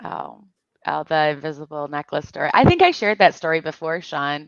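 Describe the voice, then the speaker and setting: A chatty woman in her forties, hosting a relaxed conversation and laughing easily through her stories. Her voice sits low and sounds smooth and resonant. The recording is close and dry but a little dull. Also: normal speed, no echo. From Michigan. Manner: chatty, laughs often while telling stories. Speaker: channel host. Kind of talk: casual chat.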